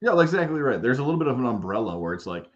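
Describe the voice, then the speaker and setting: A man co-hosting a radio sports talk show, chatting casually with quick sarcastic asides. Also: medium pitch, lo-fi sound. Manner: fast and lively, with sarcastic asides.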